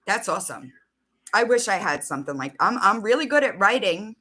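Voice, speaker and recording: A woman's voice: mid-range voice, expressive, fairly quick, sharp tone. A woman hosting a casual livestream, chatting loosely and swearing while she reads out messages and searches her phone. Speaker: livestream host.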